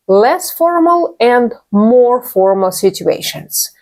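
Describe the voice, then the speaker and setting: A woman teaching a business English lesson to learners, speaking clearly and patiently and repeating each model phrase. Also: fairly high pitch, sing-song, slow, a little mellow, soft background music.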